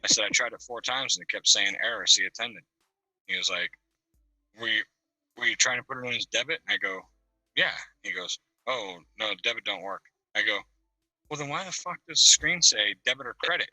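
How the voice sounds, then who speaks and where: A man on a video call telling a profane, animated story with bursts of laughter. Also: mid-range voice, a little fast, no room sound, poor audio. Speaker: caller on a video call-in panel. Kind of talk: casual storytelling.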